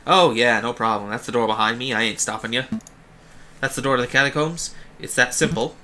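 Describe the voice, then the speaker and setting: A man voicing a mouthy crow jailer from a game, sneering with a vaguely Bostonian twang. Gruff and greedy, with a bright, pushy tone. A faint hiss of noise sits behind. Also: mid-range voice, a little fast, lightly acted. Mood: mocking. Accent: vaguely Bostonian put-on. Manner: gruff, sneering, rough slang. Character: greedy mouthy crow jail guard, middle-aged man.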